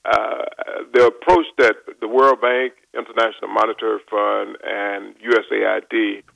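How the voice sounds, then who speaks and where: A man in his seventies from North Carolina, a chemist giving a measured, formal radio interview with frequent pauses. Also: on the low side, flat delivery, vocal fry, fairly bright tone, no room sound, poor audio. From North Carolina, USA. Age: 70s. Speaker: guest chemist. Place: radio studio.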